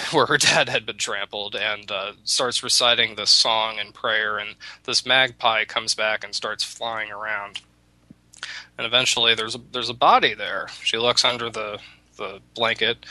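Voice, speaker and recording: A man's voice: medium pitch, steady tone, moderate pace, pushed and bright, no room sound, poor audio. A man on talk radio telling a folk tale casually, rambling with many restarts. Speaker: radio show talker.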